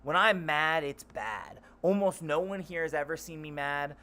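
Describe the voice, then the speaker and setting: A young man with a bright, ringing voice talks loudly in a loose, rambling monologue as host of his own channel. His voice sits a little higher than most men's. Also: moderate pace. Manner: loud, rambling and animated.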